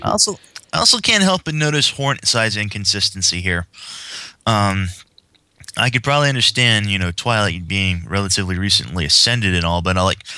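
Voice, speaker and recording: A man hosting a casual online chat, rambling along in a chatty, easygoing way. His pitch sits fairly low yet moves around a lot, and his tone is bright. The sound is close and dry. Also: no echo. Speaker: host.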